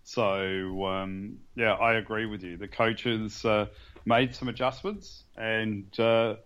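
A man co-hosting a casual sports podcast. He is excitable and rambling, with many restarts. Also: on the low side, takes it slowly, muffled recording. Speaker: podcast co-host.

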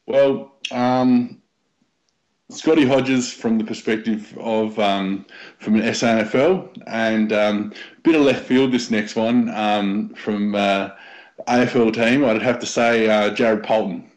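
A man chatting casually on a podcast, rambling and pausing on fillers. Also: lowish voice, steady tone, a little mellow, rough recording. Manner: rambling with many ums. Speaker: podcast co-host. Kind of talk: casual chat.

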